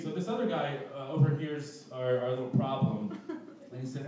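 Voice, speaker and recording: A man's voice: mid-range voice, fairly quick, darkish tone. A young man telling a personal story at a live event, self-mocking and laughing through his lines. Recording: echoey room, distant mic.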